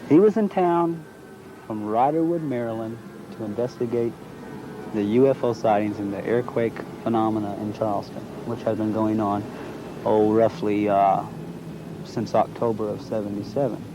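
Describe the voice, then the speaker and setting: In a lowish voice at a normal speed and fairly even intonation, a middle-aged man being interviewed describes his own experience as an eyewitness, performing the quoted dialogue of those involved. The background is noisy.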